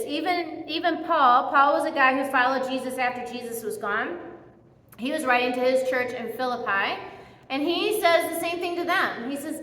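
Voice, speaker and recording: A woman giving a casual, conversational sermon in a church, telling the story in a chatty and animated way. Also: sits high. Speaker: speaker giving a church message. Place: church hall. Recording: echoey hall with long reverb.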